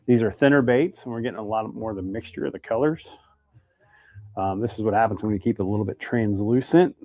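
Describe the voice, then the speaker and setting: A man's voice: on the low side, fast talker, a little mellow, no room sound, clean studio sound. A man hosting a casual live stream while making fishing baits, chatting and reading viewer comments aloud. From Idaho, United States.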